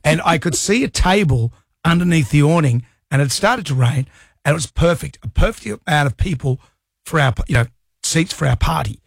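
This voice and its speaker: A man's voice: on the high side, expressive, moderate pace, creaky, breathy edge, no echo, clean studio sound. A middle-aged Australian man hosting a radio show, telling a rambling story in casual banter and laughing at himself. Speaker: radio host. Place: radio studio. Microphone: studio microphone.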